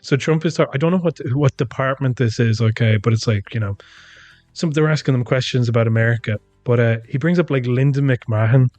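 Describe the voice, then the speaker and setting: A man's voice: medium pitch, brisk, a little mellow, muffled recording, soft background music. An Irish man co-hosting a podcast in casual chat, retelling events and mimicking the people he quotes. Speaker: podcast co-host.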